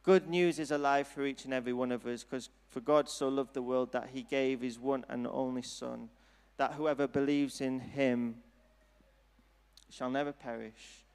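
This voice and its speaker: A man preaching a sermon and altar call in a church hall, speaking in an earnest, gentle, unhurried way. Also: medium pitch, fairly even intonation, smooth. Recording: long hall reverb.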